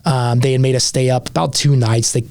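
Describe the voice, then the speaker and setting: A man's voice: medium pitch, fairly even intonation, a little fast, darkish tone, no room sound. Earnest storytelling man, dry close mic. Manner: earnest, vivid storyteller with some restarts. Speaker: podcast guest, veteran. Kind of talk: casual storytelling interview.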